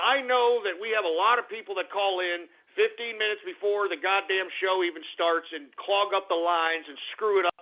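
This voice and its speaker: A man hosting a call-in radio show, ranting in exasperation and swearing, sometimes breaking into shouting. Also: high-pitched. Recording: tinny phone-like lo-fi broadcast.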